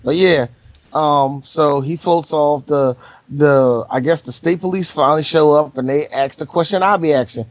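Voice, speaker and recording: A man with a fairly high voice co-hosts a casual movie podcast at normal speed, the sound coming through lo-fi. He jokes and swears, laughs often, and slips into jokey impressions.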